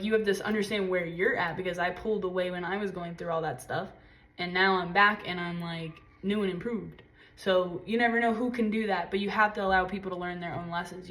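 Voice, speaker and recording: In a slightly bright voice, a woman reads tarot casually, cursing freely and speaking intensely. She murmurs low one moment and exclaims high the next as she gives a spiritual pep talk.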